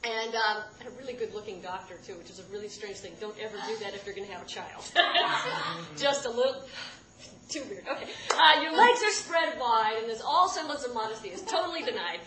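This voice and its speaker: A woman telling a personal story live, animated and often laughing mid-sentence as she restarts her words. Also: a little high, fairly quick. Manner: animated, self-interrupting, laughing through lines. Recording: echoey room with background noise.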